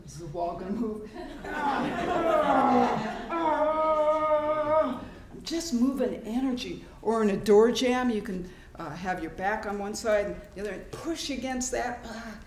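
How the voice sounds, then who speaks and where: A woman presenting a live workshop in a hospital meeting room, animated and demonstrative, acting out sounds and inner voices as she teaches. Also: a little high, slow pace. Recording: echoey room, faint background noise.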